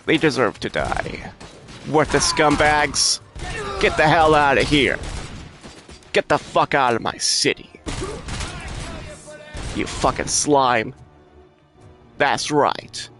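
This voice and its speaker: A man playing a video game and commenting, swearing at enemies, talking to his chat and bursting into loud shouts. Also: medium pitch, slow pace, long pauses, music in the background. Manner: profane, trash-talks enemies, addresses chat. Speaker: gamer commenting on his own play. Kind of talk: let's-play commentary.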